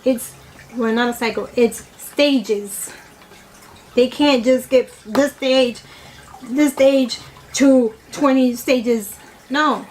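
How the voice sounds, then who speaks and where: A woman with a somewhat high voice gives her opinions in a loose, rambling chat while eating on camera. She keeps filling gaps with "you know" and correcting herself mid-sentence. A faint hiss sits behind her. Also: slow, a little mellow, low-quality recording. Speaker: vlogger.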